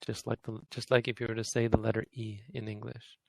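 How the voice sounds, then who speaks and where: A man's voice: on the low side, completely flat delivery, brisk, gravelly, no room sound, low-quality recording. A man teaching an online language class, patiently saying vowel sounds aloud over and over for his students to copy. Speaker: Pali teacher. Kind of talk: online language lesson, demonstrating pronunciation.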